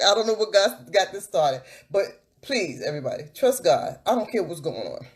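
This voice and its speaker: A beauty vlogger on a livestream who breaks into fervent, repetitive spiritual encouragement, like a preacher. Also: female voice, mid-range voice, sing-song, moderate pace, few pauses.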